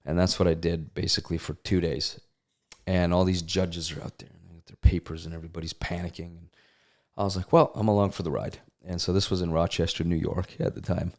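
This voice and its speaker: A man's voice: sits low, a little fast. A middle-aged man, an actor, telling stories casually in an interview and acting out the people he quotes. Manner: animated, acts out quotes in voices. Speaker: actor, guest.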